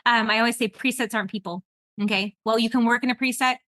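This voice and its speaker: Brief: woman podcast host, bright and a little high, talks in loose rambling chat with lots of laughs. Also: quick pace, no echo. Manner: rambling and animated, with frequent laughter. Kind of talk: casual conversational podcast chat.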